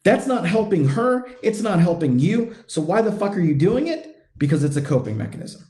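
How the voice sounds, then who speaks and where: A man's voice: high voice, big pitch swings, moderate pace, mellow, echoey room. A man who coaches men and hosts a podcast, giving a blunt, profane, confrontational motivational monologue. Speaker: men's coach and podcast host.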